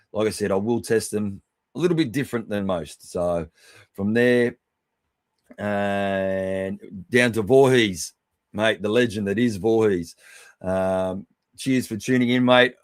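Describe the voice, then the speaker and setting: A middle-aged man with a fairly low voice runs through friendly, matey shout-outs on his livestream. He talks casually and affectionately and swears without a second thought. The sound is close and dry, with almost no room echo. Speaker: livestream host.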